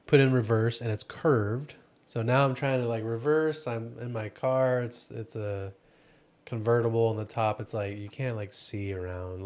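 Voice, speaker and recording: Low-voiced young man telling jokey anecdotes. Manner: relaxed, joking anecdotes with laughs and "um". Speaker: podcast co-host. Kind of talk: casual podcast chat.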